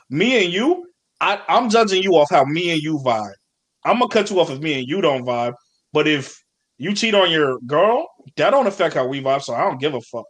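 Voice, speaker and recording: A man co-hosting a casual podcast chat, blunt and laid-back, swearing freely. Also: fairly high pitch. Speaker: podcast co-host.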